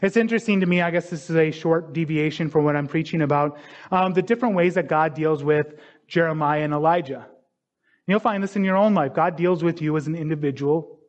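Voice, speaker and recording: Male pastor, fairly high voice, relaxed conversational sermon, dull lo-fi recording. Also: a little fast. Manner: conversational preaching, acting out voices in stories. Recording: dull lo-fi sound.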